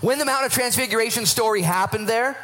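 A man preaching a sermon at a morning church service, excited and animated, acting out voices as he tells the story. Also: very high voice, fast, poor audio. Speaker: pastor.

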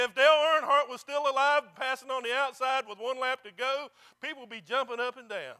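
A man's voice: very high voice, steady tone, brisk, few pauses, sharp tone, clean tone. A man pastor preaching a sermon, emphatic and calling on the congregation for amens. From not local to the congregation.

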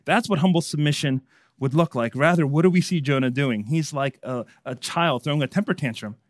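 A man preaching a sermon, swinging between hushed and emphatic delivery. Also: fairly high pitch, a little fast, no room sound, studio quality. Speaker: pastor.

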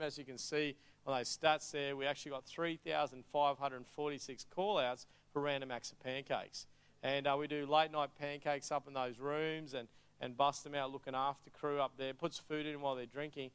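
Australian man, upbeat storyteller at a church talk, smooth, resonant, slightly high voice. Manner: energetic, joking, storytelling. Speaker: charity speaker.

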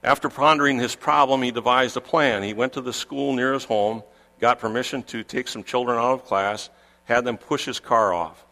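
A man's voice: mid-range voice, fairly even intonation, normal speed, sharp tone, long reverb tail. A man preaching a sermon, pressing his points with emphatic repetition. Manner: emphatic, repeats key phrases for stress.

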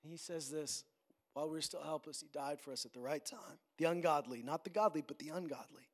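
A male pastor preaching a sermon, swinging between loud, ringing declarations and low, soft pleading. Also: brisk. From Canada.

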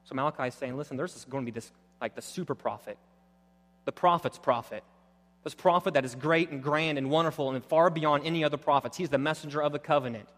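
A man preaching a sermon, animated, moving between loud emphatic points and quiet, intense passages. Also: a little high, fast, big-room sound. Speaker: pastor.

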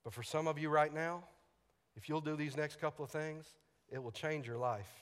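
A man's voice: fairly high pitch, moderate pace. A man preaching a sermon, telling a personal story animatedly, acting out radio exchanges and laughing often. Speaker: pastor. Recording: long hall reverb.

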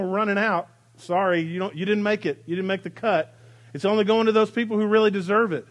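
High-voiced preaching man. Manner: dynamic preaching, dropping to soft hushed repetitions. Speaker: pastor. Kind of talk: sermon. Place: church sanctuary.

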